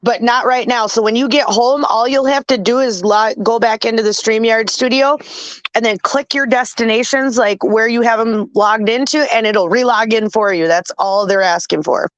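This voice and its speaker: A woman's voice: on the high side, moderate pace, dry recording, dull audio. A woman hosting a storm-chase livestream, chatting casually and explaining things step by step. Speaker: stream host.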